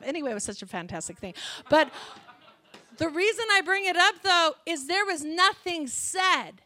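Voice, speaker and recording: A woman guest speaker giving a sermon in a prayer room, telling stories with lively energy and frequent laughter. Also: extremely high pitch, normal speed. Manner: animated storytelling, laughing often.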